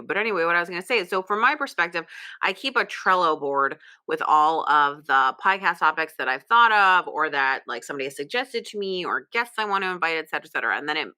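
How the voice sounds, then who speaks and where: A woman host talks in a low, bright voice with a forceful edge. She chats casually and wanders into asides. The sound is close and dry, picked up by a computer mic. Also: dry recording. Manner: chatty and digressive, full of asides. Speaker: podcast host. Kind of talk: casual chat. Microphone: computer microphone.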